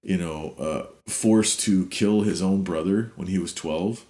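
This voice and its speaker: In a recording with a roomy echo, a middle-aged man shares a personal story as an interview guest at a measured pace. He speaks earnestly, sometimes animated and sometimes low and quiet.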